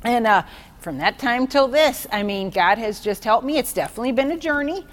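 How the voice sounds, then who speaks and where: Expressive woman giving a church testimony. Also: brisk. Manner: emotional, animated storytelling with sudden high exclamations. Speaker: speaker at a church meeting. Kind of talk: testimony sermon.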